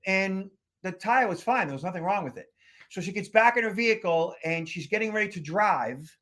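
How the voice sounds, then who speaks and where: Casual podcast co-host, a man from Boston with a high voice, rambling storyteller. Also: brisk, fairly bright tone. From Boston area, United States. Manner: rambling anecdotal storyteller with many fillers and restarts. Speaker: podcast co-host, security expert. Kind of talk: casual chat.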